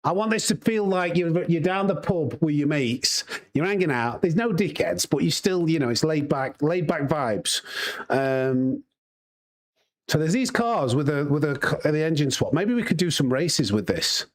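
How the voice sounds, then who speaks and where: A man's voice: a little high, expressive, normal speed. A man with a Yorkshire accent, a sim racing streamer chatting casually and rambling to his live chat while he plays. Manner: chatty, rambling, laughs easily.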